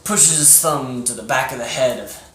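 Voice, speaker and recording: A man's voice: medium pitch, normal speed, a bit bright. Storyteller, male, hesitant improv narration, echoey room, faint hiss. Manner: hesitant, laughing asides. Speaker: podcast storyteller. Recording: roomy echo.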